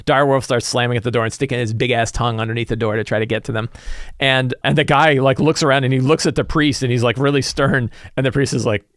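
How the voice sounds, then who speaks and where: A middle-aged man talks loosely and animatedly about his tabletop campaign, filling his story with lots of "like"s. His voice sits at an ordinary pitch. The recording is close and dry. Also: fast talker, dry recording. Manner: animated storyteller, loose and chatty, many fillers like "like". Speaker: game master and tabletop RPG content creator. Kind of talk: casual recap and campaign-prep chat.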